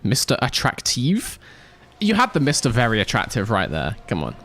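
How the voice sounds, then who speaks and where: Lively, jokey man streaming a game. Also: mid-range voice, normal speed. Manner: jokey, laughs often, reads chat aloud. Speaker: streamer playing a racing management game. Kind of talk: casual live-stream chat and game commentary. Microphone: desk microphone with pop filter.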